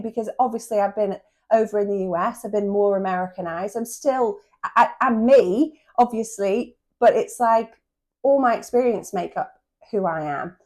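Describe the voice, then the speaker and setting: A middle-aged English woman from England, chatting excitedly and fast as a podcast co-host. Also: mid-range voice. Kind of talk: casual chat.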